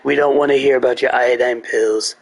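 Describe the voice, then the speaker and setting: A blustering conspiracy radio host, as a man puts him on, rattling off fast pitches and wild claims. His voice is husky and pushed forward. He stumbles over words and then barrels on. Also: fairly even intonation. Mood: ranting. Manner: fast, blustering, selling products and rambling.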